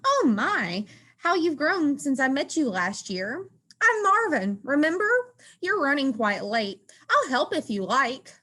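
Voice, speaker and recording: A woman reading aloud and voicing a small, squeaky male mouse who is bossy but kind. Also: big pitch swings, sharp tone, heavily acted. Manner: squeaky, quick and chirpy.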